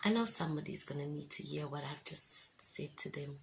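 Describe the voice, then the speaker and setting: A woman's voice: deep voice, brisk, a bit bright, slight background noise, rough recording. A woman giving an emotional faith testimony to camera at home, fervent and often checking that her listeners understand. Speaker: Christian vlogger giving a testimony. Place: at home indoors with windows open.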